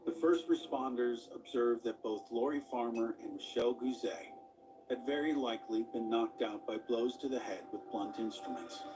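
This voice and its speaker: Narrator: man, scripted documentary voice, mid pitch, slightly distant sound.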